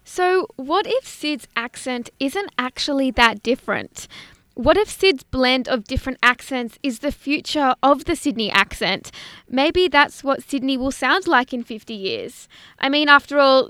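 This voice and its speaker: High-pitched lady host, dry close sound, upbeat narration with light music under. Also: lively intonation, measured pace, bright, forceful tone, no room sound. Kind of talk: scripted podcast narration.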